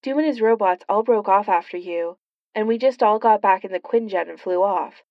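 A woman's voice: mid-range voice, moderate pace, no echo, dull audio, lightly acted. A woman reading an eager young superhero. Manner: eager, indignant.

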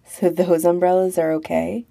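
A woman voicing a gentle, wary young man speaking quietly to his partner. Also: lowish voice, level tone, moderate pace, vocal fry. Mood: gentle dry.

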